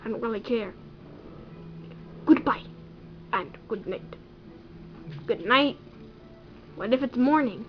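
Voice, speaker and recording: A woman's voice: fairly high pitch, takes it slowly, long pauses, soft background music. A woman running a playful, rambling homemade puppet skit with lots of ums. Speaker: puppet show maker. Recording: dull lo-fi home recording.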